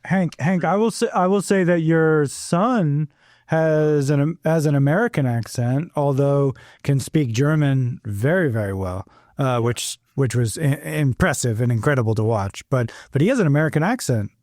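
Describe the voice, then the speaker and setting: A man's voice: on the high side, moderate pace, a little mellow, no room sound, clean studio sound. Hesitant man co-hosting a podcast. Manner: hesitant, repeats words. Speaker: podcast co-host. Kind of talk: casual chat.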